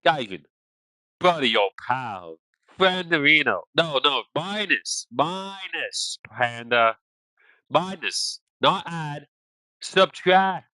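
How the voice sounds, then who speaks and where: Lively young man chatting to his stream. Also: on the high side, slow pace, no room sound. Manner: lively, exasperated, talks to chat. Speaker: gaming streamer. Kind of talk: casual live game chat.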